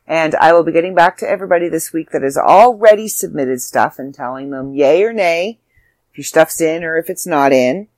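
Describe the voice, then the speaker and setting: A woman's voice: low voice, a little fast, a little mellow, no echo. Chatty, tired woman podcaster. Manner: chatty, self-deprecating, bubbly. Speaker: podcast host and author. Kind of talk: casual solo podcast chat.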